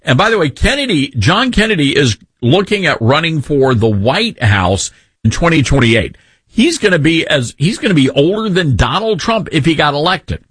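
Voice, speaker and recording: A man's voice: on the high side, very animated, moderate pace, a bit bright, husky, no room sound. A man in his fifties hosting a talk radio show, opinionated, rambling and jokey. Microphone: studio mic.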